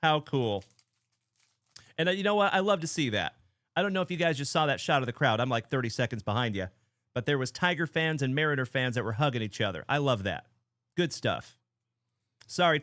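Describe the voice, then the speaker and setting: A man in his thirties hosts a casual card-break livestream, talking in an excited, chatty way as he greets viewers. His voice sits in a middle pitch. The sound is dry and close, with little room around it. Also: brisk, pauses often, dry recording.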